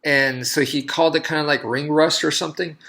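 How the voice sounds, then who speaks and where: A man's voice: on the high side, steady tone, brisk, vocal fry, pushed and bright. A man, a martial artist, talking casually and telling a long story in a loose, rambling way with many restarts.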